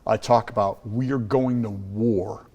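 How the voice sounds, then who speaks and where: A man's voice: on the low side, fairly even intonation, a little slow, a little mellow, breathy edge. Emphatic American man, reverby room. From Chicago. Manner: emphatic storyteller, frequent restarts and repeated words. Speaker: guest, school trust leader. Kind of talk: podcast interview.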